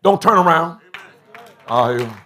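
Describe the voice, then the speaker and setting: A middle-aged man, preaching a sermon as bishop in a church, swinging from low confiding talk to shouted bursts. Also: expressive, unhurried, slight background noise. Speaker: bishop and pastor. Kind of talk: call-and-response sermon. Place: church sanctuary.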